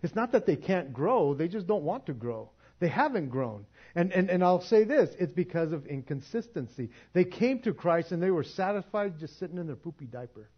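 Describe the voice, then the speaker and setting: A man preaching in a church, talking casually and conversationally, with a slightly high voice. He stumbles and restarts his words and laughs as he goes. The recording sounds dull and lo-fi. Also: big pitch swings, moderate pace, breathy edge. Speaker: pastor. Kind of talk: sermon.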